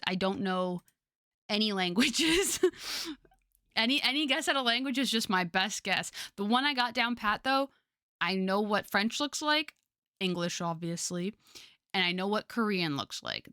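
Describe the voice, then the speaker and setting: Bright, chatty young woman streamer. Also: medium pitch, lively intonation, moderate pace, clear, resonant tone, dry recording, studio quality. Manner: chatty, laughs often, lots of fillers. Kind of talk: casual chat with viewers.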